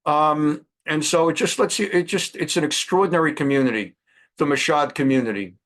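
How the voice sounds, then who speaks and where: Chatty rabbi telling a story. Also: male voice, on the high side, a little fast. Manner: chatty, animated, frequent restarts. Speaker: rabbi hosting a weekly program. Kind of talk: anecdotal monologue.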